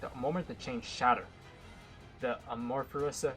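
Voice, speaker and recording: A man reading a visual novel aloud with dramatic narration, broken by excitable, joking asides. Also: medium pitch, normal speed, faint music behind, low-quality recording. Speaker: gaming content creator.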